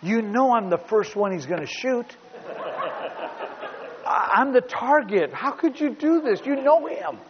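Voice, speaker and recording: A man's voice: big pitch swings, unhurried, a crowd in the background, exaggerated voice. A man voicing an upset young boy who is anxious and indignant. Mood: aggrieved. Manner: high-pitched, pleading and aggrieved. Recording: dull recording in a big reverberant hall.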